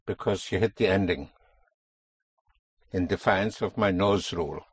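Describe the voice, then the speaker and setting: Husky-voiced man teaching a language lesson. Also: low voice, a little slow, dry recording. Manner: patient, explanatory, stresses key words.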